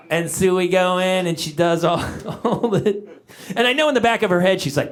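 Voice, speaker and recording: A middle-aged man does stand-up on a comedy club stage before a live audience, animatedly acting out family members in his stories with shifting voices. His voice is high-pitched at normal speed, with background noise and audience laughter around it.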